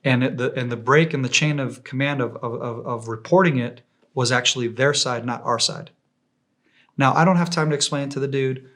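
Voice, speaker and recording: Speaking at a medium pitch, an Israeli man shares war stories casually as an interview guest. He is animated, voicing the people he quotes as he goes.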